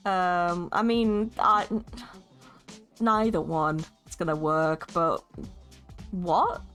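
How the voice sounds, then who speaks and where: A woman's voice: on the low side, steady tone, very slow, fairly bright tone, soft background music. A woman streaming herself as she plays and narrates a story game, playful and jokey, laughing often. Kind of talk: narrating and playing a game live.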